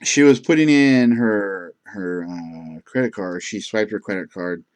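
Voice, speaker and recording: Fairly low in pitch and darkish in tone, a gas station clerk talks a little slowly. He tells casual stories that ramble along with many fillers and restarts.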